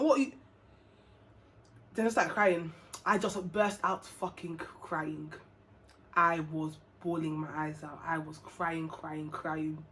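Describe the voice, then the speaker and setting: A woman's voice: sits low, takes it slowly. A young woman tells a personal story straight to camera. She is chatty and slangy, and she laughs and acts out the voices of the people in it. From England. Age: young adult. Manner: animated, slangy, laughs often, acts out dialogue. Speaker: vlogger. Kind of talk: casual storytelling.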